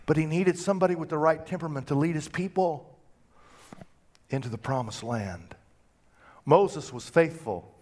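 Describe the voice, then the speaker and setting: Folksy, animated male preacher. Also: normal speed. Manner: folksy storytelling with acted-out quotes and big pitch swings. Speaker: pastor. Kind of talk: sermon.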